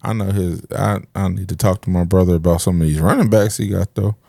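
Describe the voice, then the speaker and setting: A man co-hosting a casual podcast chat, laughing often and acting out the lines he quotes, and saying he is high. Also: steady tone, brisk, creaky, warm tone, no echo, clean studio sound. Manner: laughs a lot, acts out quotes in funny voices. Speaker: podcast co-host.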